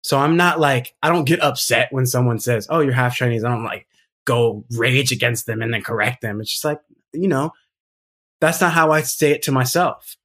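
A man's voice: mid-range voice, moderate pace, a bit bright. A man talking as a podcast guest in casual conversation, earnest and emphatic, reflecting at length.

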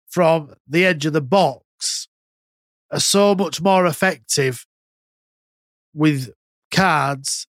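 A man's voice: fairly high pitch, a bit bright, dry recording, clean studio sound. A man co-hosting a casual podcast chat, rambling and swearing freely. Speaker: podcast co-host.

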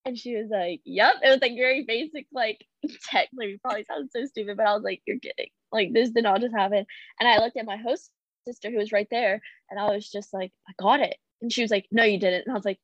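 Young female guest with bright, bubbly energy who acts out her reactions. Fairly high voice on a dry, muffled recording. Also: fast, no echo. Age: young adult. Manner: bubbly, acts out quoted reactions, frequent "like" fillers. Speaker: guest, Olympic gymnast. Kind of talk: casual storytelling chat. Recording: dull, dry lo-fi audio.

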